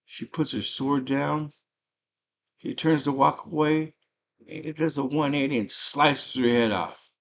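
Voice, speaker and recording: A man casually retelling a movie's plot as a host, animated and slangy, with lots of fillers. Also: mid-range voice, unhurried.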